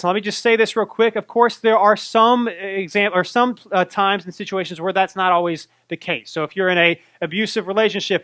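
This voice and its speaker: A bright, high-voiced man in his thirties, a pastor from North Carolina preaching a sermon. He tells stories in an animated way and acts out his own fright. The sound is close and dry, with no room echo. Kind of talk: sermon with personal story.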